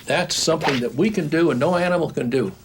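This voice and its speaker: A man's voice: a little high, fast. An older man teaching animation in a recorded home-video lesson, explaining step by step while he draws, with frequent restarts. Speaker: animation instructor. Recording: faint background noise, old home video.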